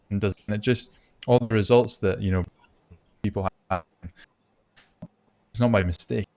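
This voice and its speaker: A Scottish man answers interview questions, steady and earnest as he explains. His voice runs lowish, recorded close and dry with almost no room sound. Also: dry recording. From Scotland. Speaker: guest, ad agency director.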